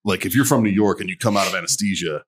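A man's voice: deep voice, quick pace, breathy edge. A man hosting a podcast, telling crude stories full of swearing and laughter. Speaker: podcast host. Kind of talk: crude casual banter.

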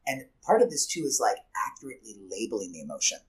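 A man who teaches classes, talking in a casual podcast conversation and acting out quoted speech with lively swings in his voice. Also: lowish voice, fast talker, rough recording. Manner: animated, acts out quoted speech.

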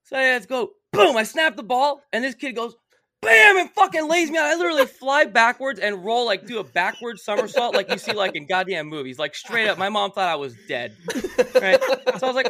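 A young man telling a profane, animated story in casual chat. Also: extremely high pitch, a little fast, no echo, studio quality.

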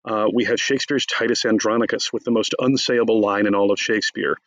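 A man who is a theater professor and author, talking in a wry, chatty interview and telling animated stories. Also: on the low side, fast, dry recording, low-quality recording. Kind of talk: conversational interview.

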